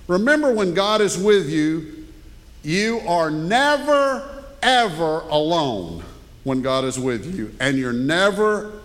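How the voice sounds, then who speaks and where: Older male pastor, high voice, folksy sermon, long church reverb. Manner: folksy, animated, jokes with the congregation. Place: church sanctuary.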